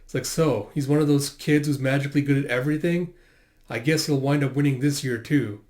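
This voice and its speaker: A man's voice: medium pitch, fairly quick, darkish tone. A man reading through a manga chapter and commenting in a rambling, irreverent way, with plenty of fillers. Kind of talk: casual chapter read-through.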